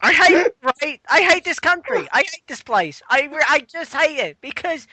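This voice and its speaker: High, bright-voiced British man ranting. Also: lively intonation, moderate pace, dry recording, poor audio. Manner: swearing, exasperated, bursts into shouting. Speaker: host. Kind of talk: comedic rant.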